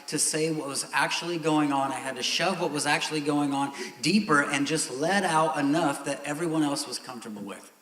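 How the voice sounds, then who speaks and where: A middle-aged man preaching a sermon as pastor, candid and growing loud and emphatic. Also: a little high, brisk, few pauses. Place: church sanctuary. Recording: echoey church hall.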